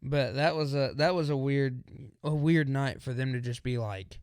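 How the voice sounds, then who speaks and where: A young man co-hosts a podcast, telling a story in casual chat and animatedly acting out the voices of the people in it. His voice is mid-range and clean, at a moderate pace, with no room sound and studio-quality audio.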